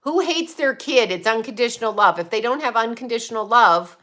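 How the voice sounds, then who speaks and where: A woman's voice: a little high, animated, fairly quick, a bit bright. A woman hosting a casual livestream, answering viewers in a rambling, blunt and profane way. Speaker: psychic medium livestream host.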